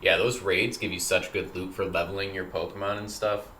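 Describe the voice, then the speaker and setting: A man's voice: low voice, level tone, fairly quick, sharp tone, slight background noise. A man streaming a game, chatting casually and joking while he plays. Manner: laid-back, joking, talks to himself while playing. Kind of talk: casual gaming chat.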